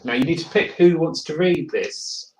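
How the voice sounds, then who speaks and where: A man hosting a live stream in a relaxed, hesitant way, reading out viewer comments. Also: on the high side, moderate pace, slight background noise, low-quality recording. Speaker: host.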